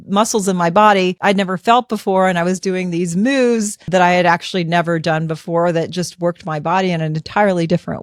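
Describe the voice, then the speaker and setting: A woman's voice: on the low side, dry recording. Storytelling woman host in her fifties, dry sound. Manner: animated, conversational, acts out her own thoughts. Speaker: podcast host. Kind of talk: personal storytelling.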